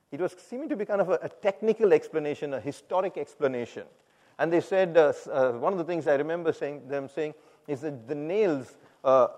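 A man with a slightly high voice tells his personal story to a congregation in a lively, animated way. He acts out the voices of the people in his story and laughs at himself now and then. His voice rings with a long hall reverb. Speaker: speaker giving a personal testimony.

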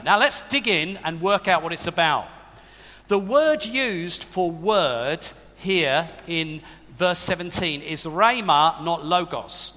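A man's voice: sits high, sharp tone. A man preaching a sermon to a congregation, emphatic and conversational, with asides to the people in front of him. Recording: long reverb of a large hall.

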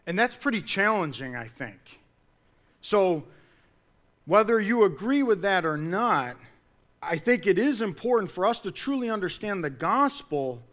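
A man earnestly preaches a sermon, building up to loud, emphatic peaks before dropping his voice low.

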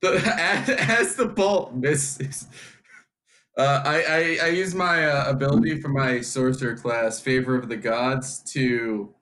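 A man playing in a tabletop game, talking in an unhurried, hesitant way. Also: medium pitch, fairly bright tone.

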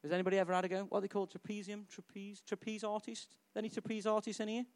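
Animated pastor preaching. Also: male voice, high voice, very fast, smooth. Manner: animated, conversational preaching with questions to the congregation. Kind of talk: sermon.

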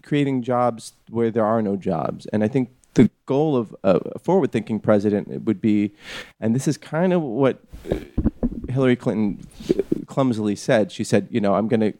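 A man hosting a casual podcast chat, rambling and animated, laughing often. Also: lowish voice, normal speed, dry recording. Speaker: podcast host.

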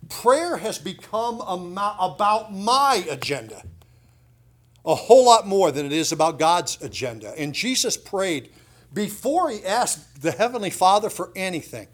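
Speaking to his congregation in church, a middle-aged male pastor gives a sermon that feels loose and conversational, with abrupt emphasis and offhand asides. His slightly high voice is sing-song and unhurried.

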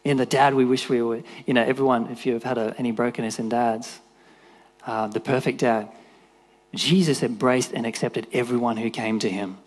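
A man giving a casual, animated sermon, acting out voices and rising to shouts. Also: medium pitch, normal speed, big-room sound. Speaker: preacher.

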